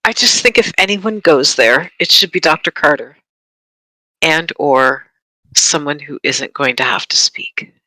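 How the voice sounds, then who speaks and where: A tabletop player speaks in a measured, formal way, in character. The tone is bright and clear, and the sound is close and dry with no room around it. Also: medium pitch, no room sound, low-quality recording. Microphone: desk mic for an online stream.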